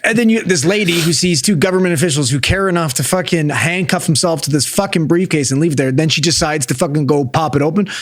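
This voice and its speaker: A man's voice: on the high side, fast talker, hardly any pauses. A man co-hosting a casual podcast chat who bluntly dismisses a story with heavy swearing. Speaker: podcast co-host.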